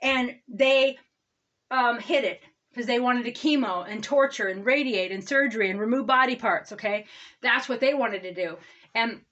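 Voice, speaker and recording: A woman pastor in her forties delivering an impassioned, rambling sermon, peppering it with "okay?" and swinging between loud outbursts and low asides. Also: moderate pace, muffled recording. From United States. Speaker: all-faith pastor. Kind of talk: ranting sermon-style talk.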